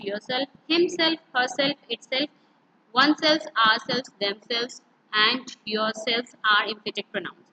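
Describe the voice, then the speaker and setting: A woman teacher with an Indian English accent giving a grammar lesson, explaining slowly, spelling words out letter by letter and switching between English and Hindi. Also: high-pitched, background noise. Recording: dull lo-fi recording.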